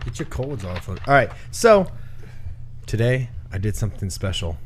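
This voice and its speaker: Profane, animated male podcast host. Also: lowish voice, moderate pace, slight background noise. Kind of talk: casual chat. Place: room with a dryer running nearby.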